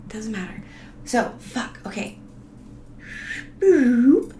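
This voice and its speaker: A woman's voice: on the high side, very animated, drawn-out words, mellow. Sweary woman telling a story, roomy sound. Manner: profane, sarcastic, rambling. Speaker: vlogger telling a travel story. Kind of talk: casual storytelling. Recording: roomy echo, faint background noise.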